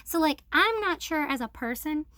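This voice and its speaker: A woman's voice: high-pitched, expressive, normal speed, pushed and bright, dry recording. A young woman telling a personal story in a frank, profane, aggrieved way, full of fillers and mocking quotes of others. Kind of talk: casual vlog storytelling.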